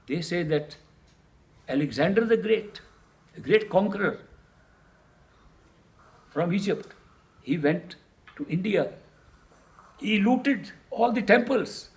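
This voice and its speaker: A man's voice: high-pitched, animated, takes it slowly, pauses often. A man as a spiritual teacher giving a discourse, emphatic, repeating key words and posing rhetorical questions.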